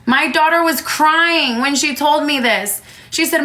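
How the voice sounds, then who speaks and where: A woman's voice: high-pitched, measured pace, pushed and bright. A woman in her thirties talking heatedly on a livestream at home, emphatic and repeating herself. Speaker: livestreamer and mother. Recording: roomy echo.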